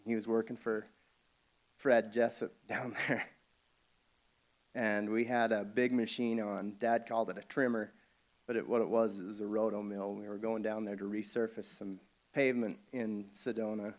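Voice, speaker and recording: Halting man telling a family story. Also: lowish voice, level tone. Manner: halting, with frequent restarts and chuckles. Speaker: family member giving a eulogy. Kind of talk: storytelling at a funeral service.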